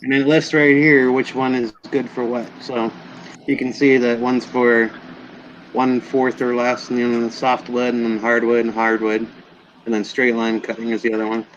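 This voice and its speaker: A man's voice: medium pitch, level tone, moderate pace, muffled recording, slight background noise. A man hosting a casual online chat about woodworking tools, explaining things as he shows them. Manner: explanatory, showing tools to the camera. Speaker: host of a scroll saw chat show.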